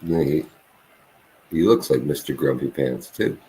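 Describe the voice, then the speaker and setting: A man's voice: rumbling low, unhurried, mellow. A man vlogging on the road, joking in casual chat with a companion. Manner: joking, wry banter.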